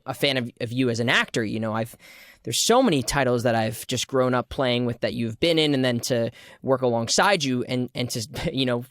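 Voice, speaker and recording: A man's voice: mid-range voice, fairly bright tone, no room sound, clean studio sound. A man hosting a podcast interview, speaking earnestly and at length, with restarts. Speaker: podcast host. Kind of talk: conversational interview.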